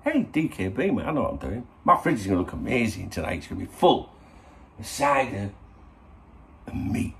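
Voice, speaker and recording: A man's voice: fairly low pitch, big pitch swings, a little fast, slight background noise. A middle-aged man, hosting a casual morning vlog to camera in a rambling, sweary, chatty way. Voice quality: gravelly. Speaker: football channel host.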